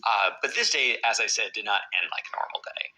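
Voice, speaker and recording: Bright-voiced man telling a story. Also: lowish voice, a little fast, slight background noise, poor audio. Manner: animated, acts out characters in quoted voices. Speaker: podcast host telling a story. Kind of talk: casual storytelling chat.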